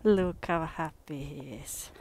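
Norwegian lady on a snowy walk with her phone, slow soft baby talk to her pup, little whispers, faint noise behind. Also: sits low. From Norway. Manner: soft and cooing, often near a whisper, fond baby talk to a dog. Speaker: dog owner vlogger. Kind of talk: casual chat while walking a dog. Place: outdoors in snow and wind. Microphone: phone held while walking.

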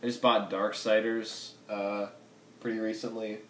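A man's voice: fairly low pitch, little pitch movement, a little slow, fairly bright tone, slight background noise. A young man chatting to his viewers about his gaming channel, rambling with lots of fillers and self-corrections. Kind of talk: rambling casual chat to viewers. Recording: echoey room.

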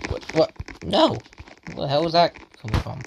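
A man commentating as he plays video games, panicking and yelling out reactions, with self-mocking asides. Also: a little high, fast, vocal fry, a little hiss or hum, poor audio. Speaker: gamer. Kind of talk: let's play commentary. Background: game music.

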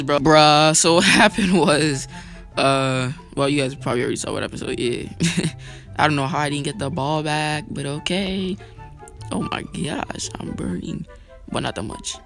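Excitable young man with gravelly, bright voice. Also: on the high side. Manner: excitable, hyped, self-mocking. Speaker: gaming video creator. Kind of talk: live gameplay commentary. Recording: light music underneath.

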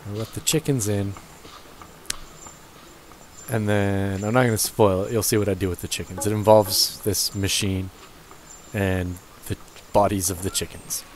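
A man's voice: lowish voice, fairly even intonation, unhurried, long pauses, a little hiss or hum, rough recording. A young man casually commentating his gameplay, cursing and joking at the characters on screen. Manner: profane, joking, talks to the game characters. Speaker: let's play gamer. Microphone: gaming headset.

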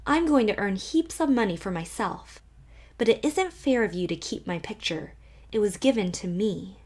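A woman's voice: medium pitch, lively intonation, normal speed, darkish tone, natural voice. Woman reading a proud, indignant young girl. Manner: lofty, indignant.

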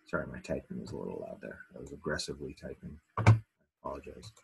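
A man's voice: rumbling low, expressive, quick pace, creaky, slight background noise. A man teaching math in a recorded video lesson, talking casually with self-deprecating asides.

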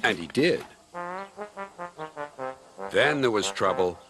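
A man's voice: on the low side, expressive, slow. A man narrating a storybook expressively, voicing every part. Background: music.

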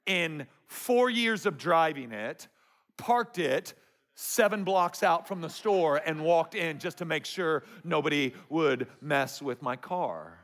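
A man preaching a sermon, his voice sitting fairly high for a man. He tells stories to the congregation with a playful, joking humor, like a pastor in a church auditorium. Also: a bit bright.

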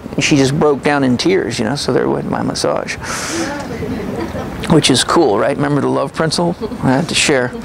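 A man giving a lecture, telling a story with confident, animated energy. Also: mid-range voice, normal speed, creaky, crowd noise, low-quality recording. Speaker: health and fitness lecturer.

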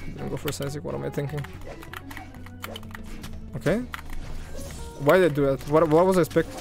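A man commentating his own gameplay for viewers, excitable, jumping from loud hype to low muttering. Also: fairly quick, vocal fry, over music. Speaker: gaming streamer.

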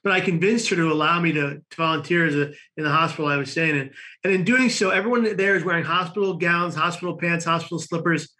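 A man, a guest on a talk show, telling a long personal story in an animated way with frequent laughs. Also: fairly high pitch, fast. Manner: animated storyteller, laughing often, many restarts. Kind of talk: storytelling in conversation.

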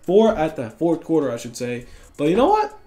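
A young man giving excited, trash-talking commentary over his own basketball video game play. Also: on the high side, normal speed, faint music behind. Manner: hyped, trash-talking, reacts loudly to every play. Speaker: gaming YouTuber.

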